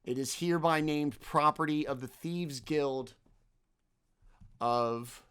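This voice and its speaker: A menacing hooded male thief guild enforcer in a tabletop game, delivering cold, formal threats in a commanding manner, played by a man. His voice sits a little higher and louder than an everyday speaking voice, with a smooth, clear tone. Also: takes it slowly. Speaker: game master.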